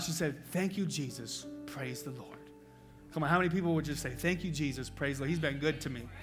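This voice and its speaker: A man preaching a sermon with passion, moving between hushed, quiet passages and loud, urgent peaks. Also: sits high. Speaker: pastor.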